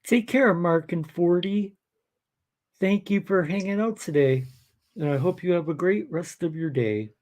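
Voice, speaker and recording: A man hosting a live reaction stream, explaining in a relaxed way. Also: high voice, a little slow.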